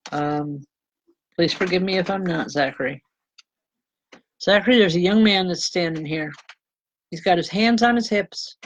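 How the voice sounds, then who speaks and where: A deep-voiced woman reverend, heard against a noisy background, delivers live spiritual readings to viewers. She keeps it chatty and informal with hon and babe, frequently stumbling into ums, restarts, and self-corrections, and she often laughs and says sorry to her audience.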